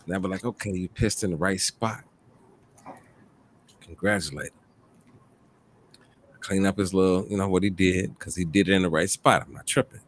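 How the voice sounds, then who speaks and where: A man hosting a casual talk show, telling a long story in a loose, profane, animated way. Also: low-pitched, normal speed, pauses often, slight background noise. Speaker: host. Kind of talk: casual chat.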